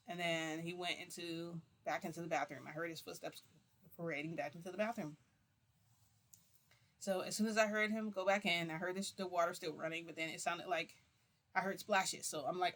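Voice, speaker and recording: A woman's voice: lowish voice, moderate pace, long pauses. A woman vlogger telling a story in a casual, chatty monologue with lots of fillers and mild swearing.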